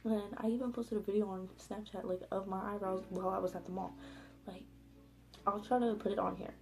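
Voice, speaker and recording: A woman's voice: medium pitch, fairly even intonation, brisk, a little mellow, rough recording. A young woman telling a casual storytime in her vlog, rambling with constant fillers and frequent swearing. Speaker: vlogger. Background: background music.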